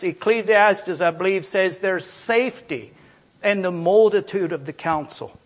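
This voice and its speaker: Slow, high-voiced male preacher. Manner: emphatic, repetitive preaching with scripture reading. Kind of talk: sermon.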